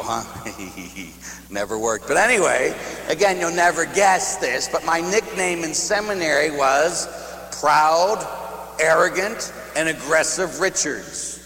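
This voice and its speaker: Priest telling stories in an echoey hall. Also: male voice, on the high side, expressive, takes it slowly, pushed and bright. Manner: conversational, self-mocking humor. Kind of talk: storytelling sermon. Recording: echoey hall with faint hum.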